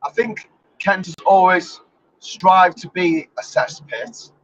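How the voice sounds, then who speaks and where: A man rambles to his live stream from behind the wheel, dry and sarcastic, swearing freely. His voice sits a little high for a man. The recording is muffled and lo-fi. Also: slow pace, fairly bright tone, slight background noise. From England. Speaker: vlogger. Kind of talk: casual live-stream driving monologue. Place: inside a car while driving.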